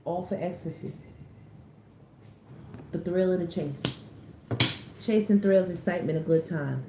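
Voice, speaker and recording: A woman's voice: fairly low pitch, measured pace, background noise. A woman reading tarot cards in a casual, chatty way, full of slang and repeated phrases for emphasis. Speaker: tarot reader. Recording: roomy echoey recording.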